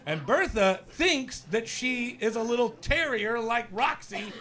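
Loud man doing stand-up in a club. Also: very high voice, animated, a little slow. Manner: loud and exuberant, works the crowd. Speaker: comedian. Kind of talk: stand-up comedy set. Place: comedy club stage. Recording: live club mic, loud crowd and noise.

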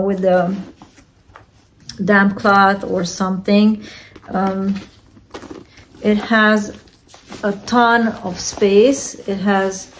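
A woman vlogger casually unboxing and reviewing secondhand handbags, talking in an unhurried, hesitant way with many fillers. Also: medium pitch, a little mellow, a little hiss or hum. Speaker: reseller vlogger.

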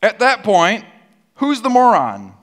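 A man's voice: sits high, huge pitch swings, takes it slowly, fairly bright tone. A man preaching a sermon as pastor, with a sarcastic, humorous storytelling manner and call-and-response with the congregation. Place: church auditorium.

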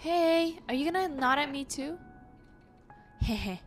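Young woman gaming host, high and bright, unhurried, jumpy and chatty, talking to her chat. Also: expressive, soft background music. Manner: easily startled, talks to the game and chat, gasps and exclaims. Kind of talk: casual let's-play commentary.

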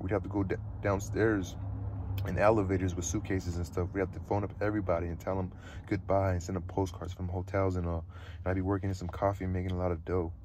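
A man reading the lines of a restless, cynical teenage boy who swears and gripes, rising into excited pleading. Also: low voice, a little hiss or hum, close to an everyday voice.

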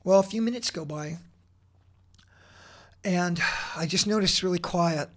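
A man's voice: high-pitched, unhurried, fairly bright tone. Intense, blunt-talking man in his forties. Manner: intense, blunt, swears, frequent restarts. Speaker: podcast guest. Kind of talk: emotional personal storytelling.

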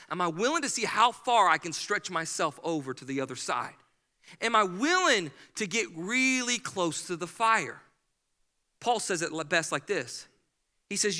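A man's voice: high voice, pushed and bright. A male pastor preaching a sermon with energy, acting out the people he quotes. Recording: hall reverb.

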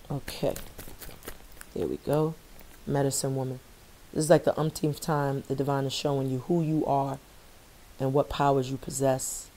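A woman's voice: a bass voice, little pitch movement, moderate pace, pauses often, background noise. A middle-aged woman giving a spiritual tarot reading, earnest and affirming, often repeating phrases for emphasis. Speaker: tarot reader.

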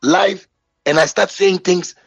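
Husky Ghanaian man, indignant bragging rant. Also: measured pace, a bit bright, dry recording, rough recording. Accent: Ghanaian English. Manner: indignant, bragging, rising pitch when worked up. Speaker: musician answering a critic. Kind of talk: heated boastful rant.

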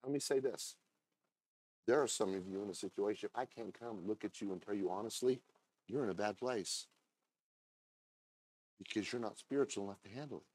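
Preaching as a pastor, this man alternates between hushed, intimate talk and passionate bursts of shouting, often circling back to repeat or restart his words. He speaks briskly and pauses frequently.

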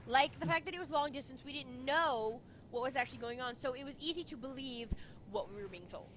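A woman's voice: sits high, a little fast, a bit bright, slight background noise. A woman co-hosting a casual chat, telling stories bluntly with heavy swearing and talking with her hands. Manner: profane, blunt storytelling. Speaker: podcast co-host.

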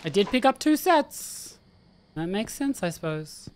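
Very animated but unhurried, a woman with a medium-pitched voice provides relaxed let's-play commentary on a horror game, musing aloud and talking to the characters. There's a slight hiss or hum on the recording, and quiet game music plays behind her.

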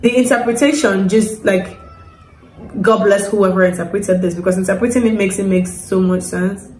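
A woman's voice: medium pitch, steady tone, moderate pace, slight background noise. A woman hosting a reaction video, exclaiming and gushing with emotion as she comments in a casual way. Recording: echoey room with loud music from the played clip. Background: loud music from the clip.

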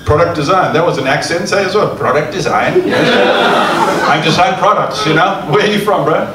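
A man's voice: on the high side, quick pace, echoey room, far from the mic, very noisy. A man hosting a comedy club, doing loose, teasing crowd work with the audience.

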